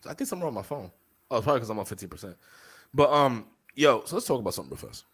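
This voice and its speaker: A young man in the mid range, talking rapid-fire with a breathy edge, co-hosts a podcast. He's animated and profane, telling a story and impersonating the people in it.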